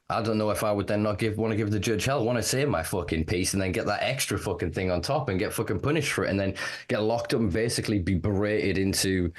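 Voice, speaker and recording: A man hosting a podcast, talking candidly in a casual, animated way and swearing freely. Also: low-pitched. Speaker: podcast host. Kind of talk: casual conversation.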